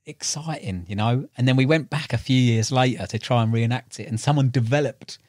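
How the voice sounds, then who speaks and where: Young bloke, podcast guest, chatty storyteller, animated, dry close mic. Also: male voice, mid-range voice, fairly quick, no room sound. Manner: animated, laughs while telling stories, acts out voices. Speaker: podcast guest, tackle shop owner and angler. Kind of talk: casual storytelling chat.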